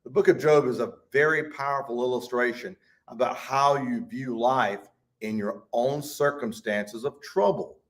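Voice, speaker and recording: A man teaching a Bible study, animated, reading scripture and talking to his congregation. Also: unhurried. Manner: animated, rises to shouts and drops low. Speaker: pastor.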